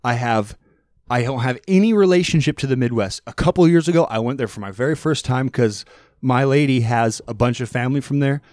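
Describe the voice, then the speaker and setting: A man co-hosting a podcast in casual chat, rambling through animated stories and throwing in mock accents. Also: mid-range voice, brisk, no echo, studio quality. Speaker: podcast co-host. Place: podcast studio.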